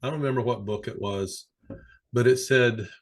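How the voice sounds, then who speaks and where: A man who works as a sports psychologist, speaking as a podcast guest and telling animated stories with plenty of fillers. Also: mid-range voice, moderate pace. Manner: animated, anecdotal, many fillers. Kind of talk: conversational storytelling.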